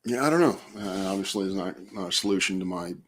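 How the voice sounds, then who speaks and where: Man streaming from home at night, lowish voice with lively swings, rambling, unhurried. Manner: rambling and hesitant, with many fillers and trailing off; chats to viewers by name. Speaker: livestreamer. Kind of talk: casual late-night livestream monologue.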